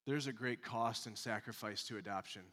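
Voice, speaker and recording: A male pastor delivering a sermon, moving between loud emphatic points and quiet, mocking asides. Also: on the low side, normal speed, in a large hall.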